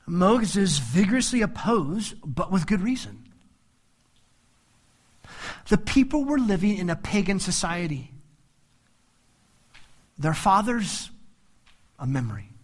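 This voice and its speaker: Man preaching an animated Bible sermon. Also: high-pitched, slow, pauses often. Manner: animated, acts out quoted voices with humor. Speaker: pastor.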